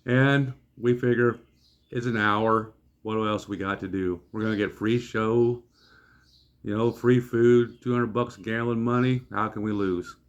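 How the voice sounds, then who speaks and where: A man's voice: fairly low pitch, fairly even intonation, measured pace, lo-fi sound. Folksy man telling a story. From Iowa. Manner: folksy, wry, acts out voices of others. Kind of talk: comedic anecdote storytelling.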